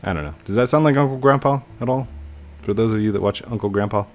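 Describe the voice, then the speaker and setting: A young man giving casual gameplay commentary, chatting to himself with sudden excited outbursts. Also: lowish voice, quick pace. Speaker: gaming YouTuber.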